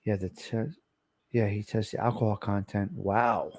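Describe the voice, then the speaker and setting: A man's voice: on the low side, fairly even intonation, a little slow, a little mellow, no room sound. Chatty man, close dry mic. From Italian-American, from New Jersey. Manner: chatty, asks viewers about his mic sound. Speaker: livestream host. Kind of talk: casual chat reading live comments. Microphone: close desk microphone.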